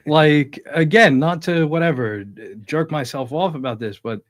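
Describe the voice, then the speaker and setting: A man's voice: fairly high pitch, moderate pace, dry recording, clean studio sound. A man in his twenties, a podcast guest in casual banter, with wordy, mock-formal literary asides. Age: 20s.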